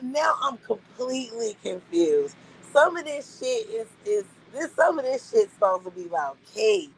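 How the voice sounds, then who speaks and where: A woman's voice: on the high side, sing-song, moderate pace, slight background noise, low-quality recording. A young adult woman streaming live, venting bluntly and incredulously to her chat, repeating her points for emphasis.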